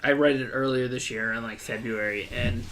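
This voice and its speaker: A man's voice: mid-range voice, steady tone, fairly quick, a bit bright. A man appearing as a guest on a casual comics podcast, joking and opinionated. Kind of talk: casual chat.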